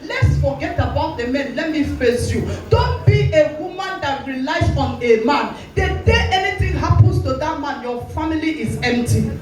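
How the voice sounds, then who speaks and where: High-voiced Nigerian woman preaching. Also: expressive, moderate pace, hardly any pauses. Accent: Nigerian English. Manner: preaching with dramatic quoted voices and direct challenges. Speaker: pastor. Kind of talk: sermon. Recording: very echoey hall with faint music, voice from a distance.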